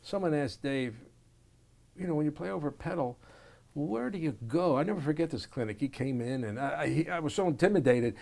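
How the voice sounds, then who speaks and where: Animated gravelly-voiced jazz educator man. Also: a little high, brisk. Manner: animated storyteller, acts out scenes and scats melodies. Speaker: jazz saxophonist and educator, interview guest. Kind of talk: conversational oral history interview.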